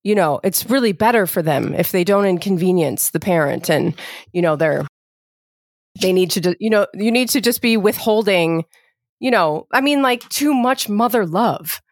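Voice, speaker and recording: A woman in her thirties co-hosting a casual chat about parenting, explaining with quick asides and many fillers. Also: medium pitch, animated, no room sound, studio quality.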